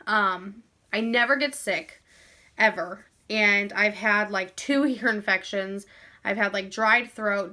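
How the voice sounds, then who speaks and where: A woman's voice: medium pitch, bright, forceful tone. A young woman vlogging casually to camera, chatty and out of breath, sighing now and then and saying "like" a lot.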